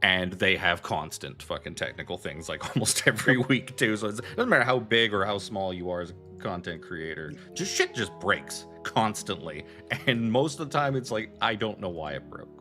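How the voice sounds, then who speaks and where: Deep-voiced man in joking chat. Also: sing-song, moderate pace, hardly any pauses, bright, forceful tone, soft background music. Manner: swearing, joking. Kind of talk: casual chat among players.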